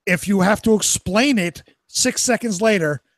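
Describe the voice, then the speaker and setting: A man's voice: high-pitched, moderate pace, no room sound. A man co-hosting a podcast, blunt and mocking, swearing often. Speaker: podcast co-host. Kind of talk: casual podcast banter.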